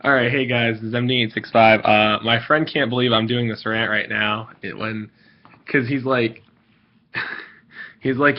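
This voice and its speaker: A man's voice: medium pitch, steady tone, a little slow. A man hosting his own video, ranting in a rambling, irritated way with lots of fillers and restarts. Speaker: video host ranting to viewers. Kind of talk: casual vlog rant. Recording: dull lo-fi recording.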